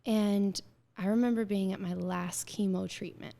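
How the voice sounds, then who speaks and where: Woman with a gravelly vocal fry. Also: medium pitch, moderate pace. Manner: animated storyteller acting out quoted dialogue; frequent filler words. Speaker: guest. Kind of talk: casual interview conversation.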